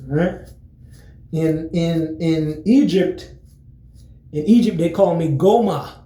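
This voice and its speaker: A man talking casually to his viewers in a relaxed, rambling way, full of fillers and restarts. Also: fairly high pitch, takes it slowly, roomy sound, poor audio. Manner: relaxed, friendly greetings. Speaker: vlogger. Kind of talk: casual chat to camera.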